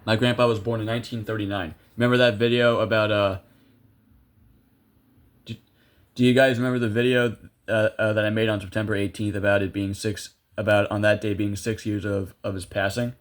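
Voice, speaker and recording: A man's voice: on the low side, flat delivery, brisk. A young man commentating a video game casually, chatty and self-amused, thinking aloud with lots of fillers. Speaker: gameplay video creator.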